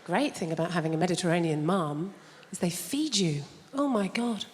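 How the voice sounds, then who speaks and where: A woman's voice: fairly low pitch, moderate pace. A woman from England performing stand-up on a theatre stage, chatty and teasing the crowd. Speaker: stand-up comedian. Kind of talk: stand-up comedy set. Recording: reverberant live theatre, noisy. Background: audience laughter.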